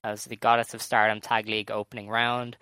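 A man co-hosting a casual podcast, talking in a measured way with frequent "um"s as he goes over details. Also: on the low side, completely flat delivery, bright, forceful tone, clean tone, dry recording. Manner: measured, many "um"s, runs through show details. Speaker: podcast co-host. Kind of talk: casual chat reviewing wrestling shows.

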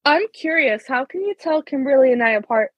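A woman's voice: high voice, lively intonation, fairly quick, no room sound, muffled recording. An American woman from the Chicago area, co-hosting a podcast in chatty, casual talk with words running together. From Chicago area, USA. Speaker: podcast co-host. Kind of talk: casual chat.

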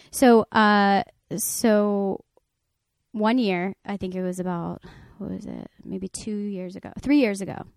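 A woman's voice: mid-range voice, gravelly, no echo. A young woman from Connecticut spins a family story on a podcast, bouncing between her own voice and the people she quotes, her talk packed with "like" and restarts. The recording is close and dry, with no room sound at all. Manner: animated, acts out the people she quotes, many "like" fillers. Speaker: podcast guest. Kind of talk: casual storytelling chat.

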